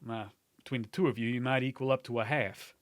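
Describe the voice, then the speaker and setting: A man's voice: medium pitch, fairly even intonation, fast talker, no echo, voice pushed down, lightly acted. Man doing a sarcastic, lecturing dealmaker. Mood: dry. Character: curt, exasperated man negotiating a deal.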